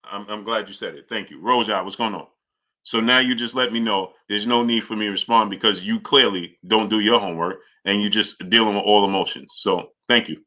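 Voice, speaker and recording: A man with a low but bright, forward voice runs a live boxing chat stream. He rattles off viewer names between points and argues back at the chat with conviction. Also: brisk. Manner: greets viewers by name, argues forcefully. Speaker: boxing channel host.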